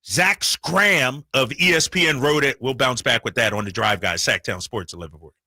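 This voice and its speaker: Male radio host, bright and forceful, dry studio sound, animated storyteller. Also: mid-range voice, moderate pace, no room sound. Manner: animated storyteller, acts out quotes. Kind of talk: casual sports talk and storytelling.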